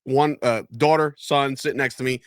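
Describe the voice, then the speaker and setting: A man's voice: medium pitch, steady tone, moderate pace, dry recording, clean studio sound. A man in his thirties co-hosting a casual wrestling podcast, swearing freely and acting out quotes. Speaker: podcast co-host. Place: podcast studio.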